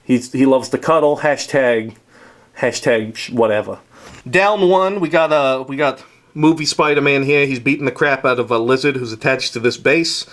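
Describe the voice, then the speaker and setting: A vlogger gives a casual, rambling tour of the toy collection in his home, joking often and filling gaps with "uh" and "we got." His voice is mid-range and a bit bright, at a moderate pace.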